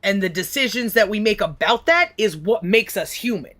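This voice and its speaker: A woman's voice: mid-range voice, expressive, normal speed, a bit bright. A young woman hosting a livestream, rambling about philosophy in casual chat and swearing freely. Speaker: livestream host.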